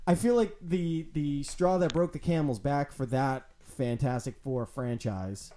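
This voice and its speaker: A man chatting casually as a podcast co-host, animated, swearing freely and acting out quotes. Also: medium pitch, a little slow, slight background noise. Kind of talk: casual chat.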